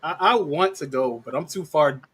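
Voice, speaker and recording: A man's voice: a little high, moderate pace, fairly bright tone, slight background noise. A man from Alabama, chatting on a live show and often stammering and repeating words. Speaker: co-host. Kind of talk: casual live-stream banter.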